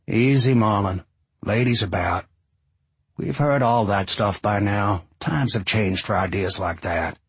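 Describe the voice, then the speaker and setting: A man with a husky voice playing a smooth, calm real estate man who gently chides his friend. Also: on the low side, a little slow, no echo, full character voice. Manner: soothing, chiding.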